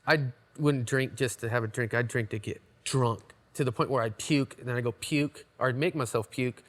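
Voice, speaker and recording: An American man in a band, talking in a lively way and often mimicking his bandmates during a casual interview. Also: medium pitch, normal speed. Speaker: band member.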